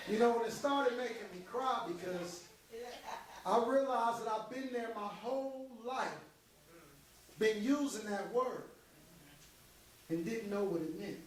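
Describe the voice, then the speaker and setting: An actor on a theater stage playing a veteran male stand-up comic who teases the crowd and then turns reflective. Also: very high-pitched. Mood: earnest. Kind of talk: live stage stand-up impression. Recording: very echoey hall heard from far off.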